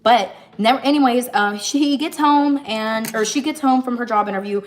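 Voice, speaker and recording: A woman talks casually on a livestream as she cooks, running through the plot of a movie. She narrates with animated energy and slips in and out of the characters' voices as she goes. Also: on the high side, normal speed. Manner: animated storytelling, jumps between narrating and acting out lines. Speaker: livestream host. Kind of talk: casual chat retelling a movie while cooking.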